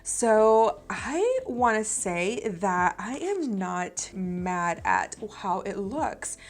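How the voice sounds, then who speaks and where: A woman's voice: mid-range voice, sing-song, extremely slow. A woman in her thirties doing a chatty, bubbly makeup review vlog, talking straight to her viewers. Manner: chatty, bubbly, talks to viewers as "you guys". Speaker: beauty vlogger.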